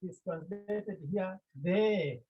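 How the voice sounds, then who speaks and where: A teacher giving a class lecture, speaking slowly and deliberately and sounding out words syllable by syllable, with questions put to the class and then answered. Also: mid-range voice. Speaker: Greek teacher. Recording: tinny phone-like online class audio.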